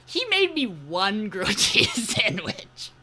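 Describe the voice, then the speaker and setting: A man's voice: high voice, slow pace, a crowd in the background. A man co-hosting a podcast, telling a long anecdote in casual chat, laughing and swearing as he goes. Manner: animated storyteller, laughs and swears often. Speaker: podcast co-host.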